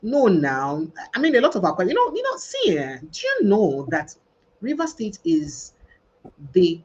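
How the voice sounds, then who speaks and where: Lively Nigerian woman podcast host. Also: mid-range voice, unhurried, breathy edge, highs cut off. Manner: mixes Pidgin and English, animated and emphatic. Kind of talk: casual livestream discussion.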